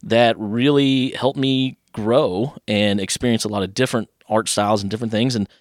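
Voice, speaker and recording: A man's voice: fairly low pitch, steady tone, normal speed, no room sound, studio quality. A man in his thirties from Kentucky, a podcast guest telling rambling childhood stories and animating the voices of people he quotes. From Louisville, Kentucky. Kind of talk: casual interview storytelling.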